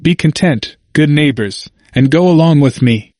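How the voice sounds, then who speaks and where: An anguished, burdened pilgrim, read by a man who pleads in earnest, old-fashioned speech. His voice sits a touch higher than the narration. The recording is dry and close. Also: normal speed, darkish tone, dry recording, close to an everyday voice. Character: anguished burdened male pilgrim seeking salvation.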